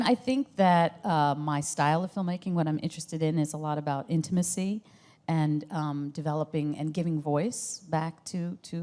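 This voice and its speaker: A woman's voice: low-pitched, warm tone. A woman film director answering interview questions, speaking thoughtfully with frequent fillers and restarts. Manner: thoughtful, hesitant with many fillers. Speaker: documentary director. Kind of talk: interview conversation.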